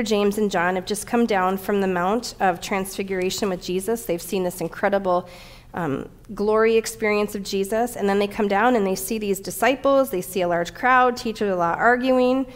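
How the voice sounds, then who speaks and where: A middle-aged woman pastor in the middle of a sermon. She tells a personal story with animated, heartfelt delivery, then moves into the scripture. Her pitch sits at an ordinary middle height for a woman. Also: normal speed.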